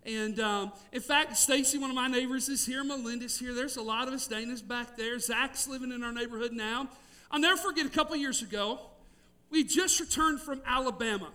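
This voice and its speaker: A middle-aged man, preaching a sermon with emphatic, drawn-out key words and storytelling. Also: very high voice, pushed and bright, far from the mic. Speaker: pastor.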